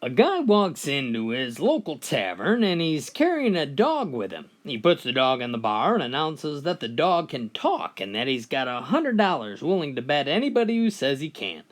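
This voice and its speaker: Man, joke teller, folksy storyteller, lively swooping pitch. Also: normal speed, few pauses. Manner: folksy storytelling, starts sentences with "well". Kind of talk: telling jokes.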